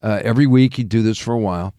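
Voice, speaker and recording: A man's voice: on the low side, racing, mellow, dry recording. A man who hosts a radio morning show, chatting as a guest and telling long anecdotes full of fillers, restarts and laughter. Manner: rambling storyteller with frequent fillers and laughs. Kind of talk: casual anecdotal chat.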